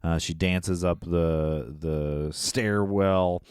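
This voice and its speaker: A man co-hosting a podcast, recapping a movie in casual chat, often laughing and dropping into quick character voices. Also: sits low, fairly even intonation, darkish tone, smooth, dry recording, clean studio sound. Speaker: podcast co-host.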